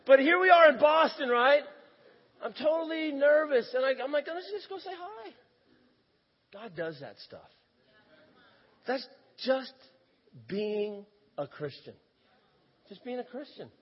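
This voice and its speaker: A man preaching a sermon as an animated storyteller who often breaks into laughter. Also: extremely high pitch, unhurried, pauses often. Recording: echoey hall, dull lo-fi sound.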